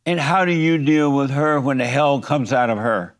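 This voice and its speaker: A man's voice: mid-range voice, normal speed. A man hosting an interview, asking blunt, teasing questions. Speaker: host.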